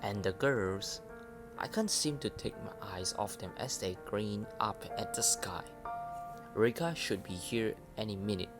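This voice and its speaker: A man casually reading a dating game aloud, stumbling over words now and then. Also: on the low side. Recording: voice over loud game music. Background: game music.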